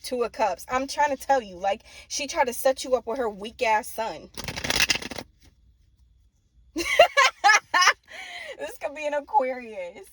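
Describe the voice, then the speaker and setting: A woman's voice: on the high side, animated, moderate pace, few pauses, background noise. A young woman giving a casual tarot reading, blunt and profane, often laughing and mimicking people. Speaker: tarot reader.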